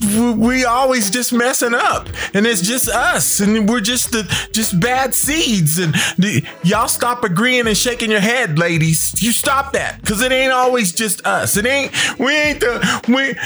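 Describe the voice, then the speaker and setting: Animated, high-pitched male radio DJ. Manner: rambling, joking, repeats himself. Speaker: radio DJ host. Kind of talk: casual radio chat between songs.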